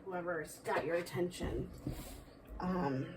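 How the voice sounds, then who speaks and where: A woman doing a casual tarot reading, talking aloud to a spirit, with sighs, pauses and soft asides. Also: fairly low pitch, slight background noise. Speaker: tarot card reader.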